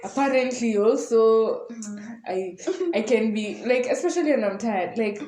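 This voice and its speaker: A young Kenyan woman co-hosting a podcast, telling stories in an animated way and laughing often. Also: fairly high pitch, measured pace, roomy sound. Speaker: podcast co-host. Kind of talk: casual chat.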